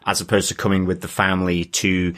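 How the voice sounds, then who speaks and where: A man co-hosting a podcast in casual chat, hesitant and halting with frequent ums. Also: low voice, level tone, fairly bright tone. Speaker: podcast co-host.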